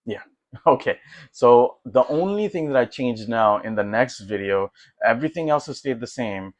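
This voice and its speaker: A tech vlogger walks casually through his test results, rambling with lots of fillers and restarts while sounding excited and easygoing. His mid-range voice moves at a normal speed, and the recording is dry.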